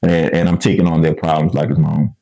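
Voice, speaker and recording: A man's voice: extremely low pitch, flat delivery, fast, gravelly, dark tone, no room sound, low-quality recording. A young man, a community organization founder talking earnestly in an interview, often adding "right?" and "man". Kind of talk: casual interview conversation.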